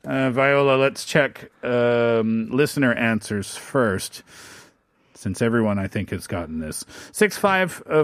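A man's voice: medium pitch, no echo, studio quality. Playful male radio quiz host. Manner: playful, laughs often while reading riddles and listener texts. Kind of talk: casual radio quiz hosting. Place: radio studio.

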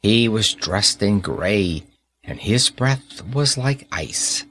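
Male audiobook narrator, low voice, very slow pace, calm storybook reading.

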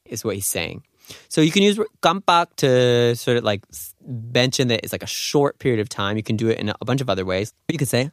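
An upbeat, chatty man teaching a language lesson on the radio. He talks quickly at a middle pitch, and his voice sounds close and dry, as in a studio. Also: lively intonation, no room sound. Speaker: radio host and Korean teacher.

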